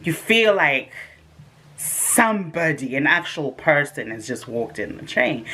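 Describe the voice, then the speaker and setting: A British woman vlogs to her viewers, telling a personal story in casual, lively speech. She acts out the lines of the people in it. Her voice sits a little on the low side. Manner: animated, dramatic retelling with quoted asides. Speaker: vlogger.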